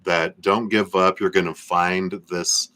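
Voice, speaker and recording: A man hosting a live tarot reading, speaking in slow, soothing affirmations with soft laughs. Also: low-pitched, flat delivery. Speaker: tarot reader.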